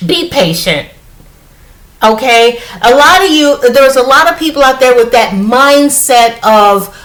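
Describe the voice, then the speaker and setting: A middle-aged woman from the United States talks her viewers through a tarot spread in a relaxed, chatty way. Her voice sits a little high, and she keeps checking in with a quick "okay?" as she goes. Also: low-quality recording. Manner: chatty, repeats "okay?" often, animated. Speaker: tarot reader. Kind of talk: casual spiritual tarot reading.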